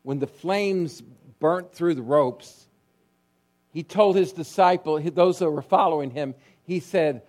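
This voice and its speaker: A male pastor preaching a sermon, telling stories with drama, dropping to a hush and then rising loud. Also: on the high side, slow pace. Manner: dramatic storytelling, swinging between hushed and loud.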